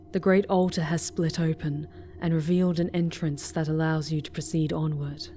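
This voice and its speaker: A woman narrating a horror story in second person, a soft whispered role-play, slow and deliberate. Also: low-pitched, little pitch movement. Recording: music playing behind. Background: music.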